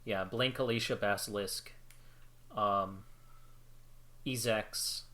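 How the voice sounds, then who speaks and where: A man's voice: lowish voice, steady tone, slow, pushed and bright. A man playing a tabletop game, easygoing and thinking his plans out aloud. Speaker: player. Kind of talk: casual tabletop play.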